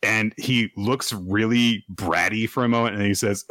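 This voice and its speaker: Low-voiced man recapping a fight scene. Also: normal speed, few pauses, no room sound, studio quality. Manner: animated retelling, jumps into high voices for quotes. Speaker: podcast co-host. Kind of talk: casual manga recap chat.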